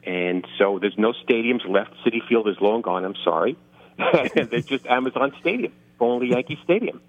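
A man's voice: medium pitch, expressive, normal speed. A middle-aged man from the Bronx with a New York accent, an author chatting casually and self-deprecatingly about his books in an interview, often restarting his sentences. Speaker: author guest. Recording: phone-line audio.

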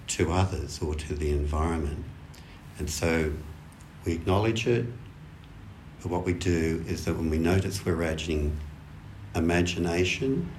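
A man giving a relaxed Zen dharma talk, thinking aloud in lists and often checking in with the listeners. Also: low voice, a little hiss or hum. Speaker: Zen teacher.

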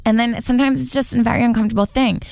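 A woman's voice: a little high, fairly even intonation, very fast, gravelly, darkish tone, no echo. A woman co-hosting a podcast, reacting in an emphatic, reassuring way on a close mic. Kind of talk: casual chat.

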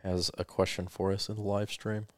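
A man with a notably low voice talks casually as co-host of a live stream. He explains things patiently and teases his partner. The recording is close and dry. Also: flat delivery, moderate pace, dry recording. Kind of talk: casual chat.

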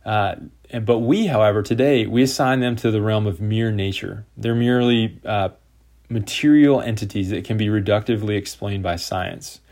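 A man's voice: lowish voice, normal speed, a little mellow. A man giving a lecture, reading passages aloud and then explaining them with occasional fillers and restarts. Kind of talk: lecture on scripture and literature.

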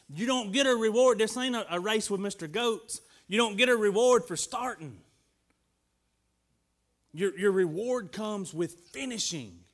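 A middle-aged man preaching with a high, bright, forceful voice. He urges his listeners emphatically, sometimes nearly shouting, then drops low to tell a homely story. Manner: emphatic, rising and dropping, sometimes near shouting; folksy storytelling. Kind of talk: sermon.

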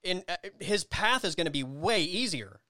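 A man's voice: sits high, lively intonation, normal speed, pushed and bright, dry recording. A man co-hosting a podcast, chatting casually about college football and building long arguments with many restarts. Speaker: podcast co-host. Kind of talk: casual sports chat.

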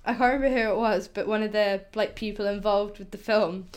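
A woman's voice: medium pitch, steady tone, brisk. A woman co-hosting a podcast, chatting in a laid-back, hesitant way and saying "like" often. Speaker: podcast co-host. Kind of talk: casual film review chat.

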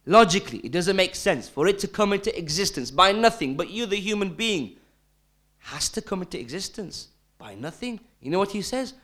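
A male preacher giving a sermon, emphatic and full of rhetorical questions, dropping to hushed tones and rising again. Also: sits high, sing-song, a little fast. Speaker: Islamic preacher.

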